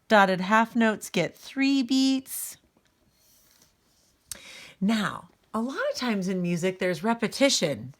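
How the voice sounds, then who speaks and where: A woman's voice: medium pitch, lively intonation, slow pace, long pauses. A woman music teacher giving a recorded lesson, patiently explaining step by step and speaking straight to her students.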